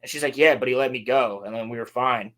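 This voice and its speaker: A man co-hosting a casual podcast, recapping a show sarcastically and mocking the characters in quick put-on lines. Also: medium pitch, a bit bright. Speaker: podcast co-host.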